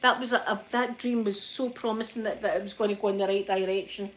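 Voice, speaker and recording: A Scottish woman chatting in a soft ASMR style, telling stories with plenty of giggles. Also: mid-range voice, steady tone, fast talker. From Scotland. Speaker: vlogger. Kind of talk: ASMR chat.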